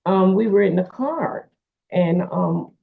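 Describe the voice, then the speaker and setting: A woman's voice: on the low side, lively intonation, slow pace, gravelly, slightly rough. A woman, a wrestler's manager and caretaker, telling a story in a rambling way with many fillers, heard over a phone-like line. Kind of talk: casual interview storytelling.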